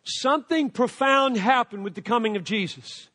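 An older man preaching a sermon as a pastor, emphatic, swinging from loud declarations to quiet asides. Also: very high-pitched, normal speed, long reverb tail.

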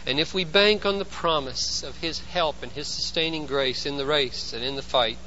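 A man preaching a sermon as pastor, emphatic, swinging between loud urgency and hushed intensity. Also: on the high side, normal speed, highs cut off, slight background noise.

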